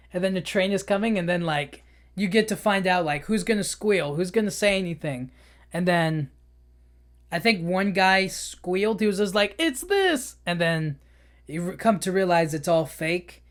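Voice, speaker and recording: A man's voice: fairly high pitch, fairly bright tone. A man hosting a podcast, casually retelling a film in a rambling way, full of filler words, with frequent laughs. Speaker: podcast host. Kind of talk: casual movie recap.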